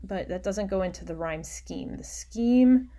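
A woman teacher giving a recorded online lecture, explaining patiently and often dropping into quiet muttering as she works. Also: medium pitch, a little slow.

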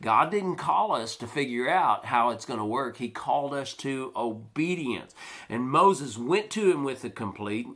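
Man preaching an animated sermon. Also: medium pitch, a little slow. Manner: animated preaching, acts out quoted complaints. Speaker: pastor. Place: church.

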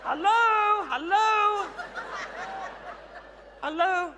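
A very high, fluting older Australian lady, performed by a man, who preens as a glamorous megastar and coos teasing endearments at the crowd. She plays it big and theatrical in a live stage comedy monologue. Her voice rings through a large theatre with long reverb and audible audience noise. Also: lively intonation, a little slow, exaggerated voice. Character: flamboyant older Australian woman, glamorous self-proclaimed megastar.

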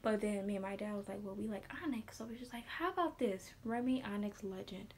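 A young woman vlogging casually as she unboxes something, gushing and often dropping into breathy whispers. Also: medium pitch, quick pace, darkish tone, a little hiss or hum.

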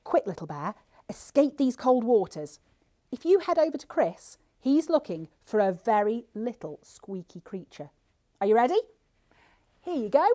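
A female librarian leading a children's singalong storytime, speaking expressively with gasps and exaggerated reactions for young viewers. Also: on the high side. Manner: gasping, expressive, slow and theatrical for little kids.

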